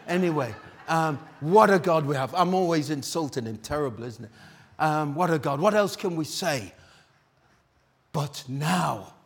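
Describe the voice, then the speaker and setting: A British man preaching a sermon at a church service in an exclamatory, rousing way, calling out to the congregation. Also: on the high side.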